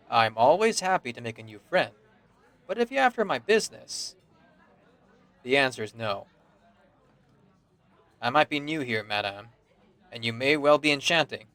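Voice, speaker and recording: A man's voice: medium pitch, fairly bright tone. A man voicing a blunt, wary con man. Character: shrewd wary male con man from America.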